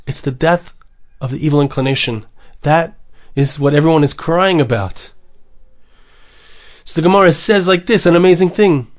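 A man's voice: a little high, moderate pace. A man giving a Torah lecture, mixing in Hebrew and Aramaic phrases and repeating words for emphasis. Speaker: rabbi teaching Torah.

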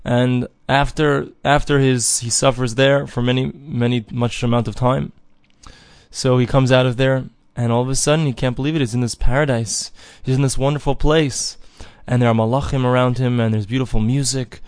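A man's voice: medium pitch, flat delivery, moderate pace, smooth, no echo, studio quality. Earnest man teaching a religious lesson. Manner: earnest teaching, acts out voices in stories. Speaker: Torah teacher. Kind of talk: recorded religious lesson with storytelling.

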